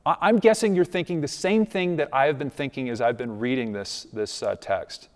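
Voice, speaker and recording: A man's voice: medium pitch, normal speed, big-room sound. A man preaching a sermon as a pastor, conversational and emphatic, with asides to his listeners.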